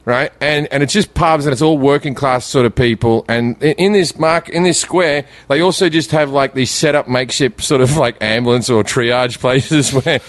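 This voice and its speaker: A man's voice: medium pitch, moderate pace, hardly any pauses. A man telling stories as a comedian guest in casual podcast chat, laughing through them and swearing freely.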